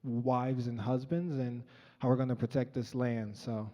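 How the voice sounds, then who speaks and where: A man's voice: medium pitch, steady tone, a little slow, noisy background. A young man from Colorado telling a personal story live on stage, earnest and conversational with frequent ums, through a stage microphone. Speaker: featured storyteller. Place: large event hall, on stage. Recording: dull, echoey live hall recording.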